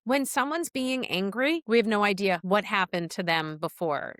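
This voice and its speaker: A woman's voice: medium pitch, moderate pace, fairly bright tone, no room sound, studio quality. Candid middle-aged woman podcast host. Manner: candid, self-deprecating, asks questions openly. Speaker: podcast host and life coach. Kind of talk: podcast interview conversation.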